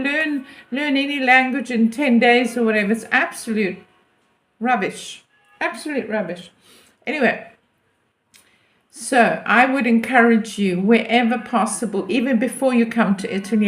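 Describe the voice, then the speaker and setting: A woman's voice: on the high side, a bit bright. A woman in her fifties, a relocation consultant, giving chatty, emphatic and self-deprecating advice to camera. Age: 50s. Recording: echoey room.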